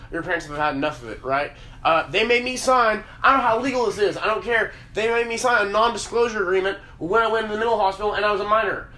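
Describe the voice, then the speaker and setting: Young male podcast host, rambling profane storyteller, slightly high and bright voice. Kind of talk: casual storytelling. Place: podcast room. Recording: roomy echo, faint hiss.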